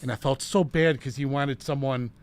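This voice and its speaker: A man's voice: mid-range voice, steady tone, moderate pace, smooth. A middle-aged man, a paranormal investigator, earnestly telling a story from a case. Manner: earnest, retelling a case with restarts. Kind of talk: casual storytelling.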